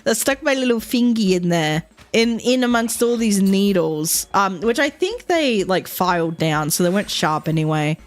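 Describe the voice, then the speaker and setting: A woman's voice: mid-range voice, lively intonation, normal speed, few pauses. A young woman, telling a long story as a streamer, rambling with lots of fillers and quoted asides. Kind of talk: casual storytelling while streaming.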